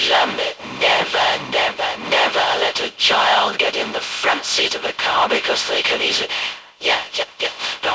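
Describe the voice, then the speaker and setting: A man voicing a hulking animatronic storyteller, rambling through a comic anecdote in a deep, gravelly voice. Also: heavily acted. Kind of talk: fan voice acting of a poem. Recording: loud hiss and noise.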